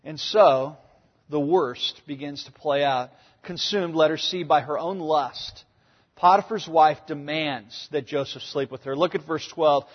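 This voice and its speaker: A man preaching a sermon, swinging from hushed, quiet passages to loud, emphatic ones. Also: on the high side, unhurried, husky, big-room sound, dull audio. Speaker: pastor.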